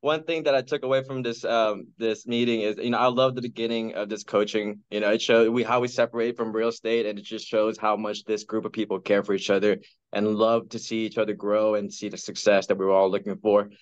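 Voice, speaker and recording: A man's voice: on the low side, level tone, fairly quick, clear, resonant tone. A man talking casually and with enthusiasm in a team meeting, often hesitating with ums. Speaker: real estate agent in training. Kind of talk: casual chat. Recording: dull dry audio.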